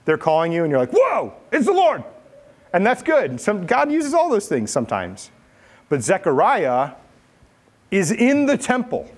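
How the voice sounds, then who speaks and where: A man preaching a sermon, telling stories with lively delivery and acting out the quotes. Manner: animated storytelling, acts out quotes with big pitch jumps. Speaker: pastor.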